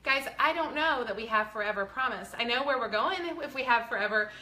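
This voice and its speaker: A woman's voice: a little high, brisk, bright, forceful tone, roomy sound. A woman, talking earnestly and chattily to her viewers, close to tears, with a faith-filled manner. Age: 40s. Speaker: vlogger. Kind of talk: casual heartfelt talk to viewers.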